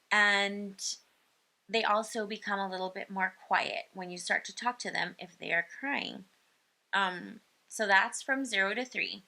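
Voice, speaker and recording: Woman, parenting educator; slow, unhurried delivery, bright tone, casual with filler ums. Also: mid-range voice. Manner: explains slowly, many ums, imitates baby sounds. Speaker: speech-language educator. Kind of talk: informal parenting lesson.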